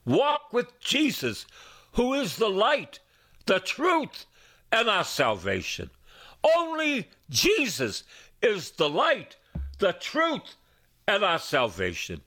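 A man's voice: huge pitch swings, pushed and bright. A middle-aged man preaching a sermon as a priest, with emphatic repetition and wide swings of his voice. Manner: slow, sweeping pitch swings with emphatic repetition.

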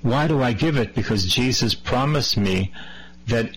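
A man's voice: mid-range voice, measured pace, poor audio. A man preaching a sermon, reading scripture aloud and then explaining it in a conversational way, with some false starts.

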